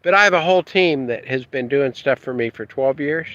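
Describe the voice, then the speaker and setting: A man who runs an internet marketing business, talking casually to camera in an excitable, blunt, rambling way with mild swearing. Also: mid-range voice, a little fast, no echo, lo-fi sound.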